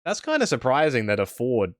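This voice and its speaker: A man's voice: medium pitch, wildly swooping pitch, brisk, no echo, studio quality. A man with an Australian accent chatting casually on a live game stream, rambling and answering chat as he plays.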